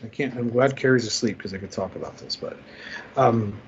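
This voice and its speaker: A man's voice: medium pitch, a little fast, a little hiss or hum. Profane storytelling podcast host man. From Jersey City, USA. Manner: profane, animated, acts out quoted dialogue. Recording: slightly muffled podcast audio.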